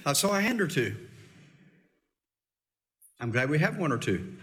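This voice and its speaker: A man's voice: on the high side, very animated, unhurried, fairly bright tone. A middle-aged male pastor preaching a sermon in a folksy, teasing, emphatic way.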